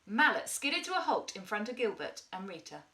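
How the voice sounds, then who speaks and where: A woman teacher reading a picture book aloud to young children, with an expressive, animated delivery. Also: mid-range voice, a little fast. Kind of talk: storybook read-aloud.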